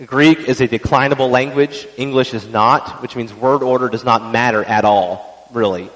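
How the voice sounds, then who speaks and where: A man's voice: medium pitch, fairly even intonation, moderate pace, fairly bright tone, big-room sound, poor audio. A man giving an evening church teaching in a conversational, explanatory way, with frequent fillers and restarts.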